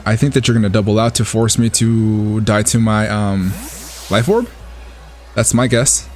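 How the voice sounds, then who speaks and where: A man's voice: fairly low pitch, moderate pace, long pauses, soft background music. A man casually commentating his own competitive match, thinking aloud and cheering his plays. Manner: excitable, thinks aloud, talks to the opponent.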